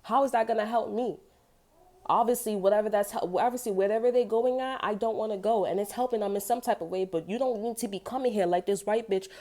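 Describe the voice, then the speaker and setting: A woman's voice: mid-range voice, fast, dark tone. A woman giving a casual tarot reading, venting bluntly with lots of profanity. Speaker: tarot reader.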